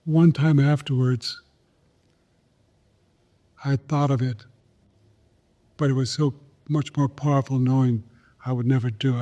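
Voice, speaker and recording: An older man telling a personal story in an interview, slow and earnest, repeating phrases for emphasis. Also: mid-range voice, dark tone. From Pine Ridge Reservation, South Dakota, USA. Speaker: guest, Olympic champion. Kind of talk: reflective storytelling in a podcast interview.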